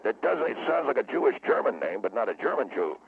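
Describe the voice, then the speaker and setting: A man voicing a hot-tempered, blustering male guest with a gravelly voice that flares into shrill outbursts, as a comic radio character. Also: big pitch swings, fast talker, a little hiss or hum. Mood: lecturing. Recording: tinny phone line.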